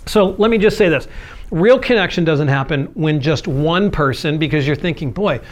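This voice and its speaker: Guy preaching a sermon, earnest and chatty, voice a bit on the high side. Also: moderate pace. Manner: earnest, conversational preaching with acted-out quotes. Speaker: pastor.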